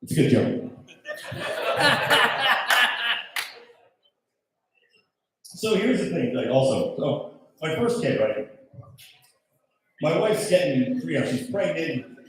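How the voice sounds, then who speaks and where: A man in his thirties does loud, brash stand-up comedy and keeps working the crowd. His voice swings up and down, and he sits a little high for a man. The live mic sounds far off and the room booms with echo. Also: big pitch swings, a little slow, long pauses. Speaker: stand-up comedian hosting the show. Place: comedy show in a golf club venue. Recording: echoey room, mic heard from afar.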